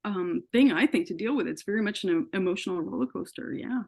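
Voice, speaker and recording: A woman's voice: medium pitch, fast, creaky, a little mellow. Earnest woman telling her story. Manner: earnest storytelling, acts out quoted dialogue. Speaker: interview guest. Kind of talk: personal story in an interview.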